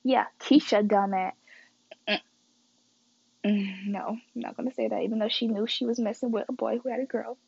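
A woman's voice: on the high side, fairly even intonation, moderate pace, vocal fry, long pauses, darkish tone, breathy edge, no echo, muffled recording. A young woman casually telling a story to her viewers, chatty and slangy, acting out quoted dialogue dramatically. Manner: slangy and chatty, addresses the audience as guys and y'all.

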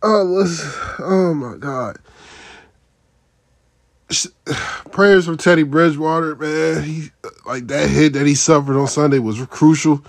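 A man co-hosting a casual sports podcast, who laughs often and exclaims loudly. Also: a little high, unhurried, no echo. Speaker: podcast co-host.

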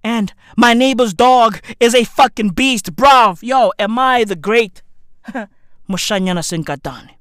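A woman doing a profane, boastful comedic podcast rant at home, full of slang and loud outbursts. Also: on the high side, a little slow, dry recording, clean studio sound. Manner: boastful, slangy, shouty and laughing, calls listeners bruv. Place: at home, neighbor's dog nearby.

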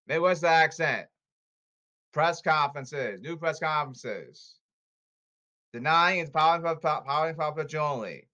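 A man's voice: fairly high pitch, lively intonation, a little slow, bright, forceful tone, lo-fi sound. A man delivering an angry, repetitive rant to the camera. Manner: repetitive, emphatic, angry outbursts. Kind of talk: ranting monologue.

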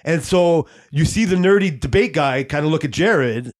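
A man's voice: fairly high pitch, expressive, moderate pace. A man co-hosting a podcast, telling a long story in casual chat, rambling with lots of fillers and swearing. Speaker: podcast co-host.

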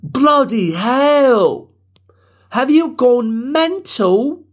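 A man's voice: very high voice, lively intonation, voice pushed up, full character voice. A man putting on an exaggerated mock British accent as a dramatic, slangy bloke. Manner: exaggerated, drawn-out exclamations.

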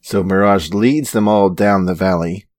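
Male co-host, steady recap delivery, low and dry. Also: measured pace, dry recording. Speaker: podcast co-host. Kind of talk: reading episode recap in casual chat.

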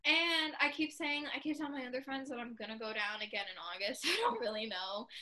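A young woman with a high voice tells a story to a friend, animated and laughing often. She says "like" a lot. Her tone is bright and clear. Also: brisk. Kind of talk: casual chat.

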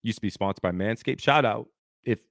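Guy in his 30s, podcast co-host, telling a wild story, kinda low voice, dry close mic, keeps saying dude. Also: brisk, no echo. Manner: animated storyteller acting out quotes, says "dude" a lot. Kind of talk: casual storytelling chat.

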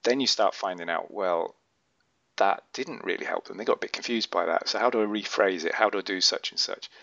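A man with a low voice hosts a casual podcast chat. He rambles, corrects himself and acts out what others say. The sound is dry, close and muffled. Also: fairly quick, gravelly, pushed and bright, no echo. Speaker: podcast host.

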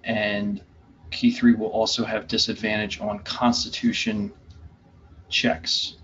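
A male game master narrates a tabletop session slowly, stumbling over fillers and restarting his sentences. The recording is a bit dull and lo-fi, with faint noise in the background. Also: on the low side, big pitch swings, gravelly, fairly bright tone. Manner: hesitant, many fillers and restarts.

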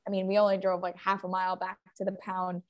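A woman's voice: on the low side, fast talker. A woman in her thirties, a podcast co-host, telling a story in casual chat and acting out the voices of people in it. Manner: animated storyteller, acts out quoted voices. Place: home, under a blanket.

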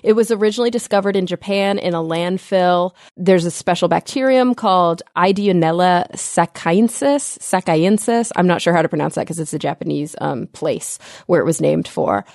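A woman's voice: lowish voice, brisk, gravelly, hardly any pauses, darkish tone, no echo, clean studio sound. A young woman co-hosting a science podcast, chatty and upbeat as she explains things. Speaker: podcast co-host. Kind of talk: casual science podcast chat. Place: home, remote call.

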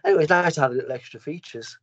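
Fast-talking British man, muffled sound. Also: on the high side, no room sound. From United Kingdom. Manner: quick, repeats words as he restarts. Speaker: podcast guest. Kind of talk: casual chat.

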